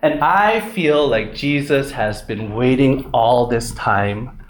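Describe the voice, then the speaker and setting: A man's voice: medium pitch, slow pace, a little hiss or hum. A young man preaching a sermon in a conversational way, with asides like "right?", in an echoey room.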